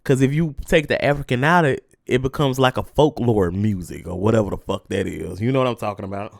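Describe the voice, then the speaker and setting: Profane, heated podcast host. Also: male voice, fairly low pitch, fast talker, vocal fry, no echo, clean studio sound. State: mouth burning from spicy food. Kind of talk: casual solo podcast rant.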